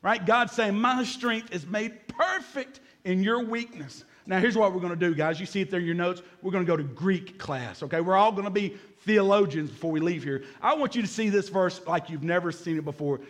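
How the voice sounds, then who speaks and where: A man preaching a sermon as pastor, energetic, repeating key words and joking with the congregation. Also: high-pitched, a little fast, hardly any pauses.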